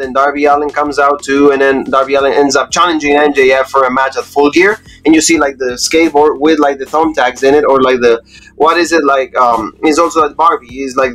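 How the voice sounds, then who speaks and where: Fast, slightly high-voiced male co-host, filler-heavy casual chat, faint music. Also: fairly bright tone. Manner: fast, full of "like" and "you know". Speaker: wrestling show co-host.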